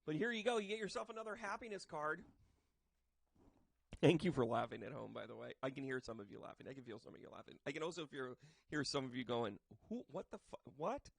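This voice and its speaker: A man giving a casual tarot reading to camera, chatty and joking, with bursts of loud emphasis. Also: medium pitch, expressive, fast, creaky, no echo. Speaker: tarot reader and medium. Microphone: microphone.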